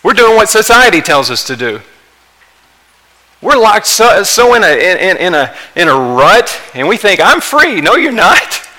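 Brief: male preacher, sermon delivery, emphatic swells and hushed drops, forceful bright tone. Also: sits high, big pitch swings, a little slow, rough recording. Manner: impassioned, rising to emphatic peaks then dropping quiet. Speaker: pastor.

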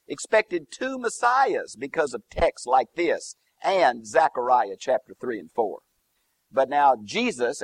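A man's voice: fairly high pitch, no echo. A man teaching through a Bible passage verse by verse, explaining Greek and Hebrew terms with emphatic lists. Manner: lively, swooping emphasis on key words.

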